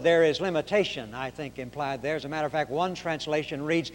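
A middle-aged man delivers a sermon with folksy emphasis, throwing rhetorical questions at his listeners. His voice sits fairly high for a man. A long reverb trails each phrase, as in a large hall. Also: fairly quick, hardly any pauses. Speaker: preacher.

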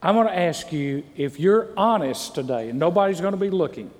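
Earnest preaching pastor in a reverberant church. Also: male voice, high voice, animated, fairly quick, darkish tone. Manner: earnest, repetitive rhetorical questions. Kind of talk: sermon. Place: church sanctuary. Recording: long hall reverb. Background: congregation calls amen.

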